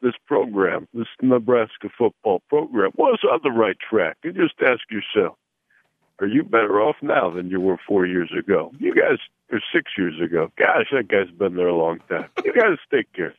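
A man's voice: lowish voice, sing-song, normal speed, no echo. A man doing a rambling phoned-in football coach. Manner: rambling, with folksy card-game analogies and many "you know"s. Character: rambling, self-praising middle-aged male football coach. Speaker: caller doing a comedy impression. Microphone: telephone. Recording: tinny phone line.

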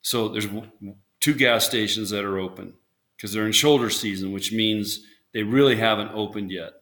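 A man's voice: lowish voice, fairly even intonation, normal speed, bright, forceful tone. A man, a former volleyball coach, chatting casually in an interview and telling rambling stories with lots of restarts. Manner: rambling storyteller, many restarts, acts out quotes.

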